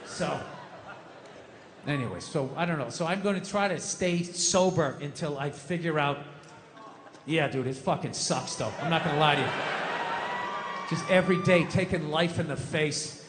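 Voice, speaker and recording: A man's voice: on the high side, normal speed, long pauses, background noise. A man doing a profane, exasperated stand-up routine on an open-air stage at a large venue. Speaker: stand-up comedian. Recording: echoey live venue sound.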